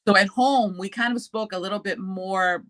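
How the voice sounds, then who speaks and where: A woman's voice: mid-range voice, moderate pace, fairly bright tone. A woman guest in casual chat, explaining family habits at length and laughing often. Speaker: guest, host's cousin.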